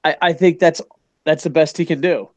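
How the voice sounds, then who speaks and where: A fast-thinking man ranting about pro wrestling, heavy on swearing and restarts as he circles back to his point. His voice sits a touch high for a man and sounds close and dry, with no room around it. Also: no echo. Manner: rambling, profane, excitable. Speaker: podcast host. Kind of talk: casual wrestling chat.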